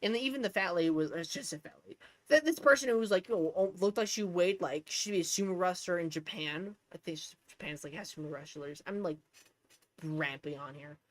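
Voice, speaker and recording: A woman's voice: fairly low pitch, a little fast, dry recording. A woman streamer telling rambling, profane stories in a casual rant. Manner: profane, rambling, animated storytelling. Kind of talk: casual ranting chat.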